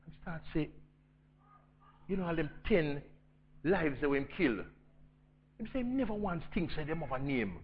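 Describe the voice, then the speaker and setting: A man with a Jamaican accent preaching a storytelling sermon, swinging between loud emphasis and hushed intensity. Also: on the high side, expressive, moderate pace, pauses often, lo-fi sound, a little hiss or hum.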